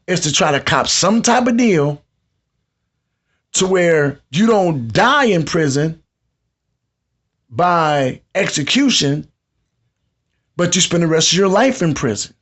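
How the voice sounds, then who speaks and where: A man with a fairly high voice, hosting a live podcast. He lectures his audience in a conversational, preachy tone and talks straight to them. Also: lively intonation, unhurried, pauses often. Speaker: podcast host.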